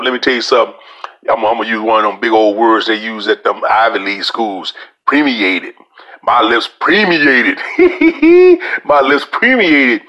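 A man's voice: lowish voice, bright, forceful tone. A man hosting a podcast, casually reviewing a cigar in a folksy, drawling way. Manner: folksy, drawling, addresses listeners as y'all. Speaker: podcast host.

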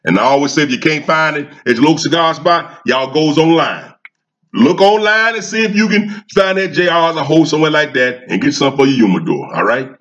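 Fired-up high-voiced man. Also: expressive, a little fast, fairly bright tone, highs cut off. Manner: preachy, repeats himself, asks the audience questions. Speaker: cigar vlogger. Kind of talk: fired-up casual monologue.

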